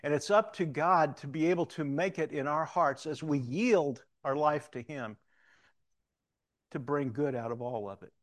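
A man's voice: a little high, moderate pace. A man in his sixties with a Southern-tinged Missouri accent, giving a folksy, anecdotal talk from the front of a church. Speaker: church leader.

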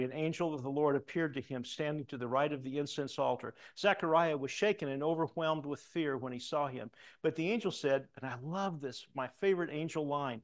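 Middle-aged male pastor, sermon delivery, fairly high voice, lively swings from loud reading to quiet asides. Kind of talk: sermon reading and commenting on scripture.

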